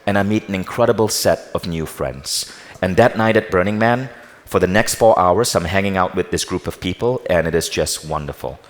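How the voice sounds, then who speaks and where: A man with a fairly low voice tells stories from a stage to a live audience. He is animated, often slipping into quoted dialogue. The sound carries the long reverb of a large hall. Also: moderate pace. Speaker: speaker teaching meditation. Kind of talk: storytelling stage talk.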